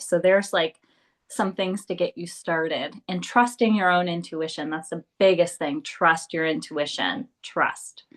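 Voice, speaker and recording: A woman co-hosting a podcast, speaking sincerely and encouragingly. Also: lowish voice. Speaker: podcast co-host. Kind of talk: casual spiritual chat.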